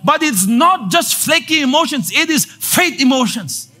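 A male pastor preaching a sermon, repeating lines for emphasis and building to loud declarations. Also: very high-pitched, sing-song, measured pace.

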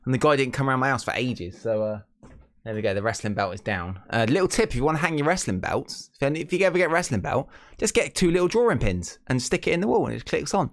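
A man's voice: medium pitch, big pitch swings, quick pace, dry recording. A British man co-hosting a casual wrestling podcast, opinionated, ranting and repeating himself. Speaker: podcast co-host.

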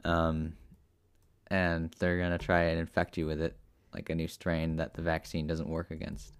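A young man co-hosting a comedy podcast, setting up an absurd scenario in a deadpan way with many pauses and ums. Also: a bass voice, smooth. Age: young adult. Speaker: podcast co-host running the improv scenario. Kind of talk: casual improv chat.

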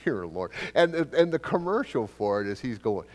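A middle-aged male pastor preaching a Bible teaching, swinging between loud, emphatic bursts and quiet asides. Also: medium pitch, sing-song, moderate pace. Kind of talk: expository sermon.

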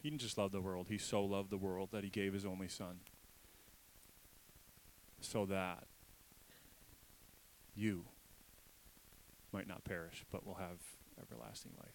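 Low-voiced man preaching with emphatic repetition. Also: flat delivery, measured pace, pauses often, a little hiss or hum, poor audio. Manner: emphatic, repetitive, swings from loud to hushed. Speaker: pastor. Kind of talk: sermon.

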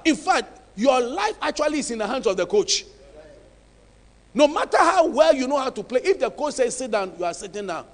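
A male pastor preaching a sermon, emphatic and dramatic, swinging from hushed tones to shouts. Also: very high voice, big pitch swings, normal speed, in a large hall.

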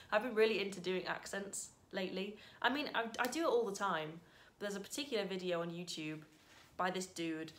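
A woman talking casually to her camera in a heartfelt vlog, thanking viewers and reflecting softly with sudden bright bursts. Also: mid-range voice, a little fast, few pauses, slight background noise. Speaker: vlogger.

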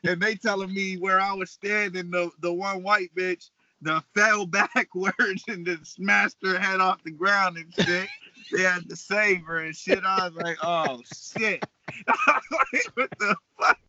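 A man's voice: high-pitched, unhurried, a little hiss or hum. Man from Pittsburgh telling wild stories. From Pittsburgh, Pennsylvania. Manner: animated storytelling, profane, laughs often. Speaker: guest, hip-hop artist. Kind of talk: casual podcast chat. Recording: dull, dry lo-fi recording.

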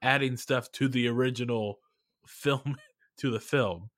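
A man of middling pitch co-hosts a podcast in casual chat. He is laid-back and a little hesitant, and his voice sounds dry and close to the mic. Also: fairly even intonation, a little slow, a bit bright, no room sound. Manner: laid-back, hesitant, many fillers and laughs. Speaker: podcast co-host.

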